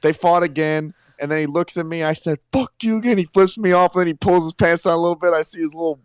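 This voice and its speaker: A man's voice: fairly high pitch, fairly even intonation, fast, clean tone, dry recording, studio quality. Rambling young man telling a story. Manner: rambling, laughs at own story. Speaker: guest. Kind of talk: casual storytelling.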